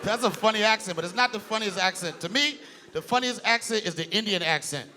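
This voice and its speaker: A male stand-up comedian performing on stage with a loud, animated delivery that breaks into shouts. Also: sits high, a little fast. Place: live comedy stage before an audience. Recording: live audience laughter and room noise.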